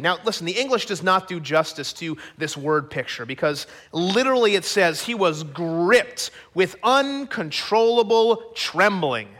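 High-voiced, bright preacher telling a story. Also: male voice, very animated, moderate pace, few pauses. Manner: dramatic storytelling with rhetorical questions. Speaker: pastor. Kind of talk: sermon.

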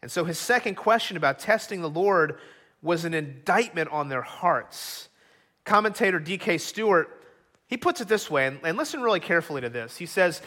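A man's voice: a little high, lively intonation, normal speed, fairly bright tone. A middle-aged man preaching a sermon as pastor, earnest and acting out quoted voices.

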